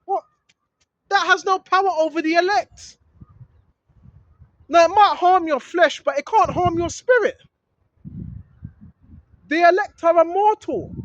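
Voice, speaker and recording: His voice extremely high, a street preacher moves at a measured pace with frequent pauses as he reads scripture. He repeats his points with rising emphasis that climbs into shouting, captured on a dull lo-fi recording with faint noise.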